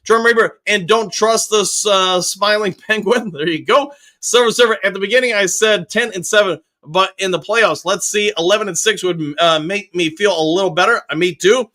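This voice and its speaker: A high-pitched man hosts a live fan stream, reading out viewer comments one by one and replying in an upbeat, chatty way. His voice is bright and forceful, with plenty of casual fillers between thoughts. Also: moderate pace, hardly any pauses. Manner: reads viewer comments aloud and answers them, upbeat, many fillers. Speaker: host of a live fan show reading chat.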